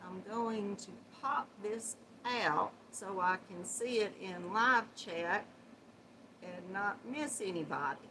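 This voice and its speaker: A woman's voice: medium pitch, takes it slowly, noisy background. A middle-aged woman, hosting a casual livestream and greeting viewers with sweet endearments and frequent laughs. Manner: warm Southern endearments, chatty, laughs often. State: runny nose. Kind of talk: casual live chat.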